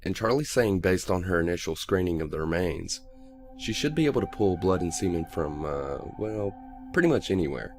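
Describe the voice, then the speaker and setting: A man's voice: sits low, sing-song, moderate pace, a little mellow, faint music behind. A male narrator voicing a blunt crime scene investigator reporting evidence in a horror audiobook. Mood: grim. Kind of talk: audiobook character voice.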